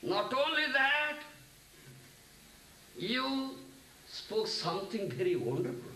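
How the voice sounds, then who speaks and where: A man voicing a devoted, simple elderly father in a retold scripture story, pleading slowly and checking with repeated "huh?". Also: high-pitched, sing-song, pushed and bright, heavily acted. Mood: earnest. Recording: echoey room, distant mic, faint noise.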